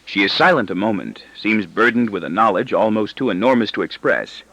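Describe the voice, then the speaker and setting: A man's voice: on the low side, expressive, a little fast, fairly bright tone, low-quality recording. A man narrating an audiobook in the first person, with a wry, ironic delivery.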